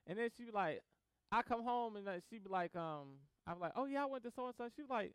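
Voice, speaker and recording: A man preaching a sermon in a casual, animated way, acting out both sides of conversations and laughing as he tells stories. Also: very high-pitched, fairly quick, clean tone, no echo. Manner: casual slang-filled delivery with laughter. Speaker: pastor.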